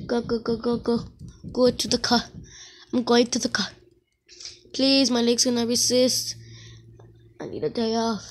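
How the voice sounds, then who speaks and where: A woman chatting her way through an online game in a casual, excitable voice. She speaks at an unhurried pace, with a voice a touch higher than most, and keeps breaking into exclamations. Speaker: gamer.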